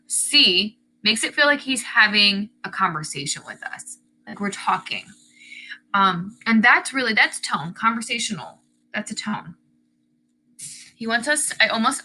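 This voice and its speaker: A woman's voice: mid-range voice, bright, forceful tone, poor audio. A woman teacher explaining the tone and word choice of an essay, reading passages aloud and commenting on them. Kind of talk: lesson analyzing an essay's tone.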